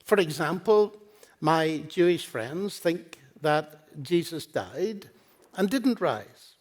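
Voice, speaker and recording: A man's voice: on the high side, expressive, slow pace. An older man giving a public lecture in a university hall, earnest and pleading, telling stories with quoted dialogue. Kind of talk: public lecture on faith and science.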